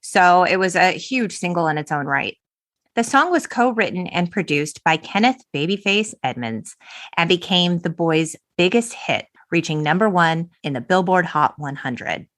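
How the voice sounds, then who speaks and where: A woman hosting a podcast in casual chat, animated and giggly, acting out quotes as she talks. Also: on the low side, moderate pace, no echo, studio quality. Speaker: podcast host.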